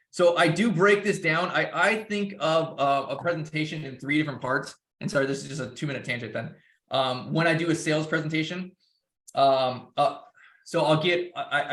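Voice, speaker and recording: A man's voice: on the high side, fairly bright tone, echoey room. A man speaking in a loose, rambling way, with many restarts, as a guest speaker. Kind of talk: casual presentation.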